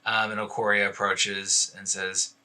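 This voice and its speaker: Man game master, sharp bright voice, rambling, casual narration. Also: fairly low pitch, level tone, a little slow. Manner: loose, filler-heavy narration. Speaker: dungeon master.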